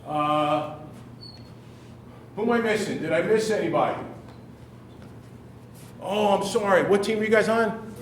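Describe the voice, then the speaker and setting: Upbeat guy running a workshop, kinda high voice, echoey room, mic far off. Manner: upbeat, brisk roll call. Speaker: workshop leader. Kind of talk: classroom workshop talk.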